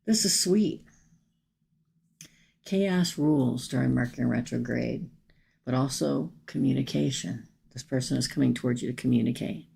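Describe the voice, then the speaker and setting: Woman tarot reader, live stream, low gravelly voice, chatty, calls viewers by name. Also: moderate pace. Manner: chatty, warm-hearted, exclaims over cards, talks to viewers by name. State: emotional after crying all night. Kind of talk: live-stream tarot reading, casual chat.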